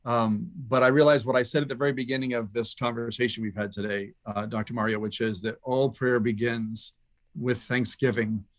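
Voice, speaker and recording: A middle-aged man, a podcast guest, telling a personal story in an earnest, reflective way with halting restarts. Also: medium pitch, little pitch movement.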